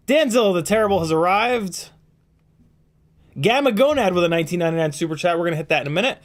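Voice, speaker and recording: A fairly high-pitched man hosts a casual live stream from a home setup, joking loosely and rambling through viewer names with ums and throat clearing. His voice sounds tired and strained. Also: expressive, quick pace. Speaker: livestream host.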